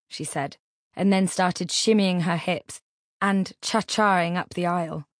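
This is scripted audiobook narration by a woman with a fairly low pitch. She tells the story in a measured, expressive way, captured in clean studio sound with no room noise.

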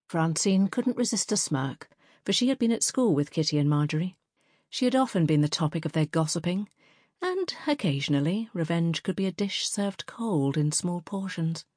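Narrating an audiobook, a woman with a voice on the low side keeps her storytelling measured and even. There is no room sound, just clean studio audio.

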